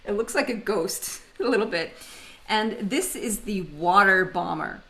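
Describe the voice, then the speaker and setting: A woman's voice: medium pitch, fairly bright tone, low-quality recording. A woman from Canada, presenting a webinar in a conversational way and telling personal stories with humor over a video call microphone. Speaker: webinar facilitator.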